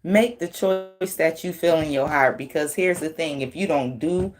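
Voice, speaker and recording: A woman's voice: low-pitched, moderate pace. A woman giving a casual tarot reading, blunt and profane, laughing often as she talks. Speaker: tarot reader.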